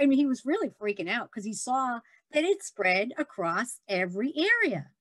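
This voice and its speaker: Middle-aged woman, guest storyteller, animated and laughing, high-ish voice, dry close sound. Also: fairly quick, no echo. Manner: animated, laughs often, acts out quoted people. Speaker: guest entrepreneur. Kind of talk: casual conversational storytelling.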